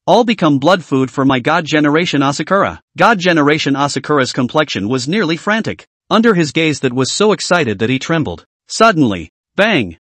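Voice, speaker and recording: A man giving scripted audiobook narration of a martial fantasy story, reading in a steady, even way. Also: a little high, no echo.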